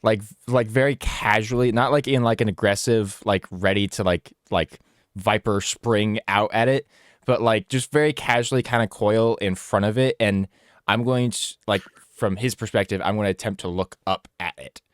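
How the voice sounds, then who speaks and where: Low-voiced young man, rambling player. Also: moderate pace, no room sound, studio quality. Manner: rambling, filler-heavy, describing actions. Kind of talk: casual tabletop game talk.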